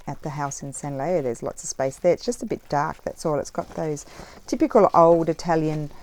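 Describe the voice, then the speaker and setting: A woman's voice: sits low, moderate pace, a little mellow. A middle-aged woman chatting casually while she crafts, rambling with many fillers. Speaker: craft vlogger. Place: home craft table, indoors.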